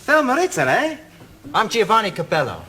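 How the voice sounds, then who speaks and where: A man's voice: high voice, huge pitch swings, brisk, sharp tone, heavily acted. An actor playing a cheerful Italian man with broken English in a sitcom. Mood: jovial. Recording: noisy sitcom recording with audience laughter.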